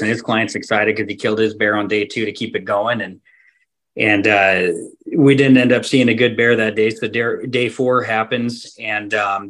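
A man's voice: on the low side, a bit bright. A man from Alaska, a hunting guide, telling a long story in a casual, rambling way with fillers, restarts and laughs. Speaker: hunting guide and podcast guest.

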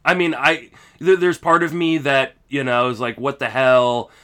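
A man co-hosting a sports podcast, talking casually with a hesitant, halting delivery. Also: on the high side, sharp tone. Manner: hesitant, lots of fillers and restarts. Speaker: podcast co-host.

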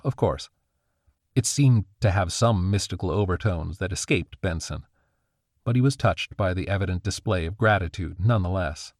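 Male narrator, low voice, dry studio sound, even, scripted storytelling. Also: no echo.

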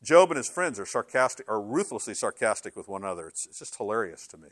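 A middle-aged male pastor preaching a sermon in an animated, conversational way, slipping into sarcastic quoted asides. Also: lowish voice, fairly quick, no room sound, clean studio sound.

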